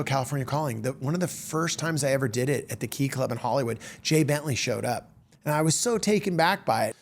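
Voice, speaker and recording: A man in his fifties, a comedian hosting his own show, telling stories in an animated monologue and acting out the voices of people in them. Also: medium pitch, vocal fry. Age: 50s. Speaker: comedian host. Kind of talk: storytelling monologue.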